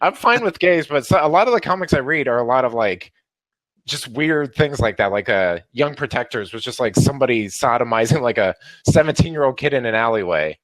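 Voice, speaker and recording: A man's voice: mid-range voice, animated, fairly quick, a bit bright, no echo. A man co-hosting a casual chat, joking and laughing mid-sentence. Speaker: podcast co-host.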